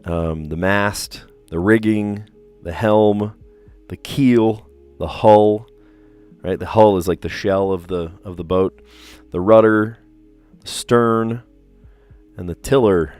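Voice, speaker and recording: A man in his thirties, a teacher, chatting casually on his puzzle livestream, relaxed and chatty with lots of fillers and easy laughs. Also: on the low side, slow pace, long pauses, clean tone, soft background music.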